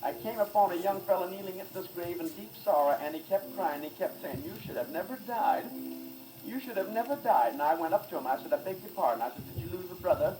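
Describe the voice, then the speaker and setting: A man's voice: high voice, quick pace, few pauses, over music. A man delivering a vaudeville comedy monologue, wisecracking and laughing at his own jokes, on an old phonograph record. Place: recording studio. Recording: scratchy 1920s phonograph record, distant and roomy.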